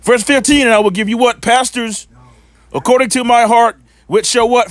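A man's voice: extremely high pitch, fairly even intonation, normal speed, dry recording. A man preaching informally and reading scripture aloud, scornful and repetitive, often stumbling over his words. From Western North Carolina.

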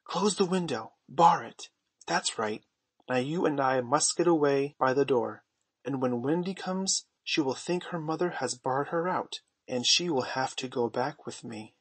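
A man voicing a boastful, eager boy who never grows up, speaking with hushed urgency. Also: medium pitch, measured pace, breathy edge, no room sound.

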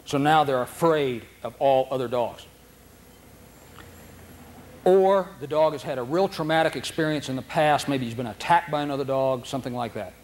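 A man teaching a dog training seminar in a folksy, animated way, acting out dogs' thoughts in silly voices, recorded on a noisy old video tape. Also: mid-range voice, moderate pace. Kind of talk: seminar lecture.

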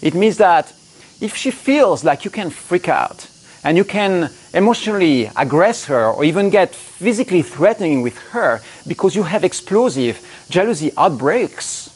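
A man's voice: high-pitched, animated, moderate pace, slightly rough. A man giving blunt relationship coaching straight to camera, cursing and speaking with strong emphasis. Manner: blunt, emphatic, swears freely, acts out angry quotes. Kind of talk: direct-to-camera coaching talk.

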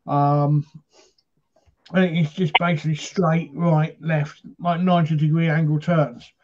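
A man's voice: a little high, level tone, measured pace, highs cut off. A man from Britain hosting a paranormal chat show, telling stories in a rambling, casual way with lots of fillers.

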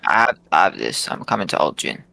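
A man calling out plays while gaming, reacting quickly and repeating himself in the heat of the moment. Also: very deep voice, sing-song, creaky, sharp tone, soft background music. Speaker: gaming streamer. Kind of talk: excited gameplay chat.

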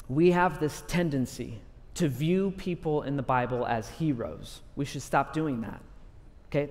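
A man preaching a sermon in an energetic, conversational way, acting out scripture stories. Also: medium pitch, long reverb tail. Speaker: pastor.

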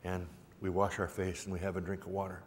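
Low-voiced man telling it in a reverberant hall. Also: completely flat delivery, fast. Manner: rhythmic, repetitive storytelling cadence; folksy, gently humorous. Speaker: symposium speaker. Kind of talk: public talk. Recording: reverberant hall with faint background noise.

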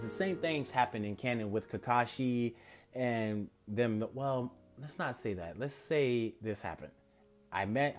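A man casually narrating an improvised fan-fiction story, rambling and correcting himself as he goes. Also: medium pitch.

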